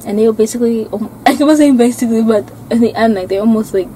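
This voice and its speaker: A woman's voice: a little high, quick pace, mellow, slight background noise, rough recording. A young woman chatting casually, rambling with lots of fillers and laughs. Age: young adult. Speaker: co-host. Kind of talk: casual chat.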